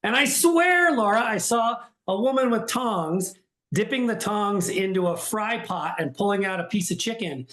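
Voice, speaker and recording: A man hosting a podcast, telling a story in casual chat with animated, self-mocking energy. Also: sits high, moderate pace. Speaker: podcast host. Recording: roomy echo.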